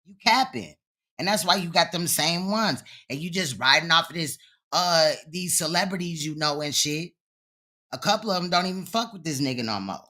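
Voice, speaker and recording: A man's voice: on the high side, lively intonation, moderate pace, pushed and bright. A man hosting a reaction stream, sassy, mocking and profane. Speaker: commentary channel host. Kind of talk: reaction commentary.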